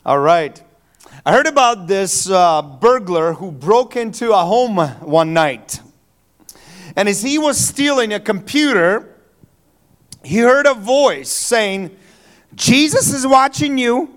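A male pastor giving a Christmas Eve sermon in a church, telling stories in a relaxed, joking, conversational way with fillers. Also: sits high, takes it slowly. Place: church sanctuary.

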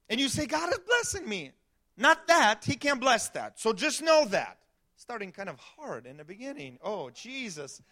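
Male pastor, sermon, very high voice, bright tone, animated, shouts for emphasis, restarts phrases. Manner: animated preaching, acts out quotes, shouts for emphasis.

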